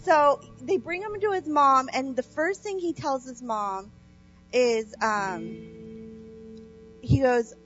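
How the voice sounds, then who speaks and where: A woman telling a personal faith story in an animated way, acting out quoted speech and using many fillers. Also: sits high, slow pace, long pauses, muffled recording, faint music behind. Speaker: guest sharing a faith testimony.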